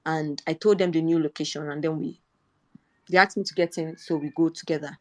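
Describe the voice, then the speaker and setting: In a Twitter Space, a young Nigerian woman recounts something that happened to her, speaking earnestly and becoming more indignant when repeating what she said. Her low, slightly mellow voice moves fairly quickly with fairly even intonation.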